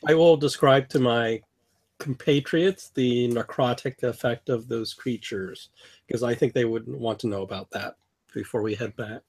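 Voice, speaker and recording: A man at a tabletop role-playing session describes his character's actions plainly. His voice has a husky, slightly breathy edge. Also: medium pitch, fairly even intonation, a little slow, a little mellow. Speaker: player. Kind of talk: tabletop game play.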